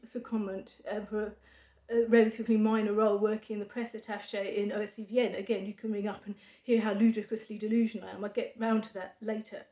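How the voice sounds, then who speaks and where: Woman vlogging, kinda high voice, deadpan sarcastic, lots of ums, roomy echo. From United Kingdom. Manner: dry sarcasm, halting with many fillers. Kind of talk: ironic monologue to camera. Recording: echoey room.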